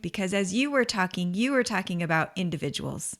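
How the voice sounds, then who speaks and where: A woman's voice: medium pitch, expressive, fairly quick, hardly any pauses, pushed and bright. A woman co-hosting a podcast, reflecting thoughtfully aloud and offering encouraging affirmations. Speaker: podcast co-host. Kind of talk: conversational interview.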